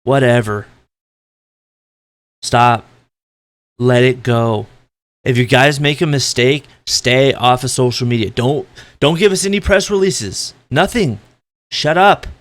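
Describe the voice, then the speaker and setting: A man's voice: medium pitch, measured pace, pauses often, dry recording. Guy ranting on his vlog, fed up and swearing a lot, normal mid voice. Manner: blunt, exasperated, profane. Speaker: esports commentator.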